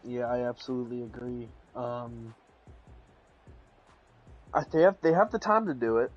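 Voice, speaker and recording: A young man casually commentating a football video game, rambling with restarts and sudden excited bursts. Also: mid-range voice, moderate pace, lo-fi sound, soft background music. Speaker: play-by-play commentator.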